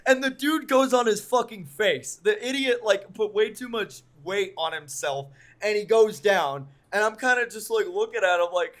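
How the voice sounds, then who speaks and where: A young man with a fairly high voice tells a long personal story in casual podcast chat. He rambles, fills gaps with ums and likes, and pokes fun at himself as he goes. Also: expressive, moderate pace, hardly any pauses, fairly bright tone. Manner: rambling, full of ums and likes, self-mocking. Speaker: podcast co-host.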